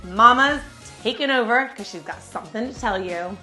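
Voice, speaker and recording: A woman's voice: fairly high pitch, moderate pace, bright, forceful tone, soft background music. An American woman in her thirties talking casually to a vlog audience, bubbly and chatty and laughing often. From United States. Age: 30s. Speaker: vlogger.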